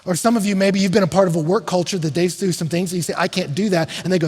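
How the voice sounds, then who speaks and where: A middle-aged male pastor preaching with a high, slightly husky voice. He is animated, dropping to quiet asides and then rising to shouts. The sound carries a long reverb from a large church hall. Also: fast, few pauses. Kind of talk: sermon.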